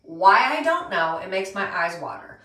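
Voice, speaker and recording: A woman's voice: mid-range voice, big pitch swings, normal speed, a bit bright. Woman, chatty live makeup tutorial host, a bit distant from the mic, echoey room. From Pennsylvania. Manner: chatty, greets viewers by name. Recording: roomy echo, voice a bit far from mic.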